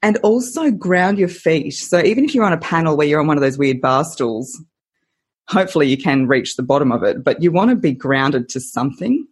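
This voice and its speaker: A woman voice coach on a podcast interview, expressive and playful, laughing often and using lively analogies. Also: deep voice, a little fast, slightly rough.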